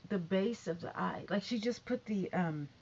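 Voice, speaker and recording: A woman's voice: mid-range voice, animated, moderate pace, darkish tone, breathy edge. A woman vlogger giving sassy casual commentary, calling listeners honey and baby. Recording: dull lo-fi recording with faint noise.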